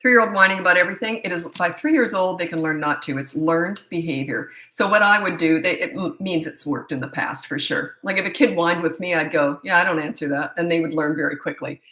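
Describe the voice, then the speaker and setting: A woman's voice: lowish voice, sharp tone, reverberant, low-quality recording. A middle-aged woman, a parenting coach, answering viewer questions on a live stream in a blunt, opinionated way. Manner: blunt and opinionated, quick asides.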